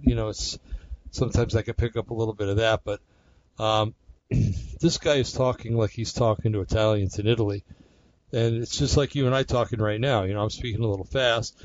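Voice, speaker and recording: A man's voice: fairly low pitch, a little mellow, dull audio. A man hosting a casual solo talk show, rambling conversationally with many fillers and restarts. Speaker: podcast host.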